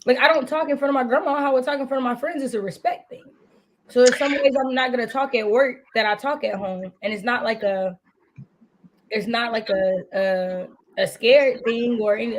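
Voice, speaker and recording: A woman co-hosting a casual reading livestream, relaxed and teasing, thinking aloud in loose phrases. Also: on the high side, a little hiss or hum, low-quality recording. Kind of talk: casual chat.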